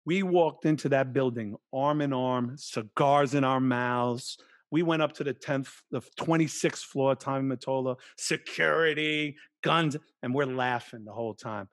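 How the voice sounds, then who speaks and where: Man, 50s, podcast guest: salty, lively storyteller, mid pitch, dry sound. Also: measured pace, few pauses, no echo. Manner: profane, animated storyteller.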